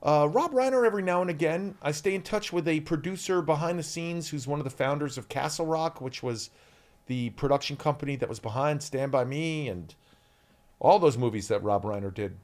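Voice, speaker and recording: A man in his forties, an actor guest, telling candid stories in an interview with lively energy. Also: a little high, fairly quick. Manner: energetic, animated, shouts out quoted lines.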